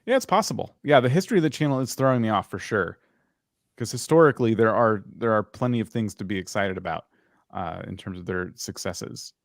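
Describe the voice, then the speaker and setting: A man's voice: fairly low pitch, animated, brisk, vocal fry, no room sound, clean studio sound. A man hosting a live review of video channels, talking casually and frankly as he thinks aloud.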